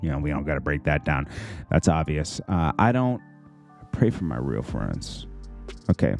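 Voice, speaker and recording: A man casually breaking down a rap diss track, rambling with lots of fillers and pitched-up mock quotes. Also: very animated, normal speed, gravelly, a little mellow, faint music behind. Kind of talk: casual reaction commentary.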